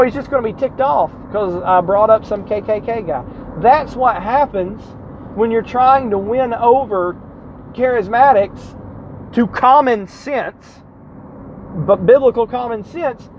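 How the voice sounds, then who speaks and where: A man's voice: sits high, animated, moderate pace, dull audio, slight background noise. A man from Georgia, hosting a rambling casual monologue full of self-corrections and sardonic asides.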